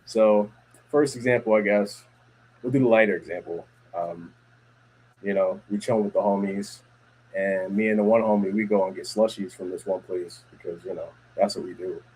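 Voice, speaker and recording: A man's voice: on the low side, steady tone, normal speed, darkish tone, a little hiss or hum, low-quality recording. A man hosting a casual podcast chat, telling stories in a rambling way with many fillers and restarts. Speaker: podcast host.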